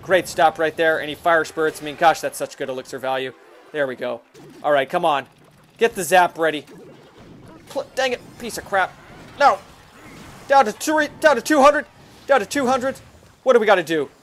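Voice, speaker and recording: A hyper young man hosts a gameplay video and talks through each move as it happens. His voice sits fairly high for a man and often leaps into loud bursts. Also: slight background noise. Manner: excitable and hyper, quick swings into yelling. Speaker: mobile game video host. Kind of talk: live gameplay commentary.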